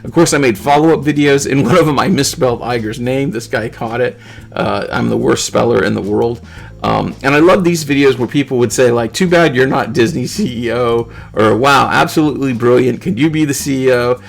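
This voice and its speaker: Reading viewer comments aloud, this middle-aged channel host rambles cheerfully to camera. He speaks briskly at a medium pitch, with some vocal fry.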